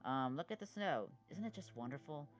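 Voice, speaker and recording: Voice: medium pitch, lively intonation, brisk, faint music behind, lightly acted. A voice actor doing a plucky cartoon big sister. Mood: coaxing. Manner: bossy, encouraging, bold. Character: cheerful can-do big sister, a child. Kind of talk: animated web series voice acting.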